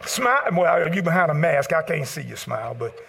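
A man preaching a sermon as pastor, swinging between shouted peaks and hushed low passages and calling out to the congregation. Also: big pitch swings, brisk, gravelly, a little hiss or hum. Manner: calls out to the congregation. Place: church service.

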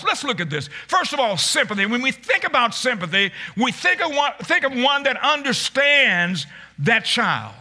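A man preaching a sermon, calling out to the congregation and rising into shouts, often repeating his words. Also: high voice. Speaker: pastor.

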